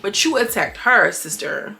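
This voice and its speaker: A woman giving a casual, animated recap of a reality show, sassy and quick to act out quotes. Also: medium pitch, creaky. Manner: animated, sassy, retells scenes in quoted voices. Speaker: reality TV commentator.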